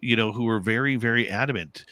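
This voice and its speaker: Male host, bright forceful tone, earnest with small restarts, dry close mic. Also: mid-range voice, fast talker, no room sound. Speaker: radio show host. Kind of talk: casual interview talk.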